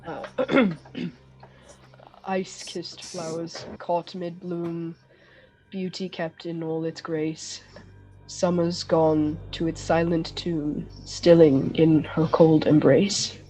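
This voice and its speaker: A woman player reading verse aloud softly and deliberately. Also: on the low side, level tone, soft background music, rough recording.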